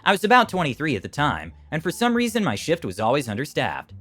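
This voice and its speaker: A man giving an expressive, scripted narration of first-person internet stories. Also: on the high side, fast talker, faint music behind.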